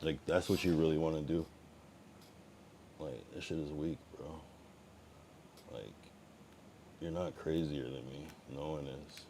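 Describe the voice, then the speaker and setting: A young man streams from a room at home and talks back at his chat in a rambling, profane way. His voice sits extremely low, and he swings between a low mutter and loud taunting. A faint background noise runs under him. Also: fairly even intonation, unhurried, long pauses. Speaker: livestreamer. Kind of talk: casual live-stream chat reacting to viewers.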